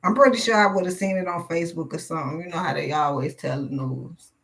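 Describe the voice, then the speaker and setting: A woman's voice: low-pitched, fast, creaky, rough recording. Blunt, profane woman tarot reader. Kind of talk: live tarot reading.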